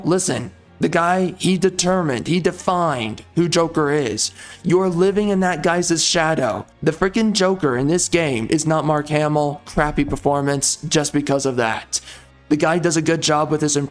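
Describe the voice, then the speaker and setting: A man with a somewhat high voice rants about a video game, angry and insulting and circling back to the same complaints. Soft music plays faintly under his talk. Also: a little slow. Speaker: game reviewer. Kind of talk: heated video game rant.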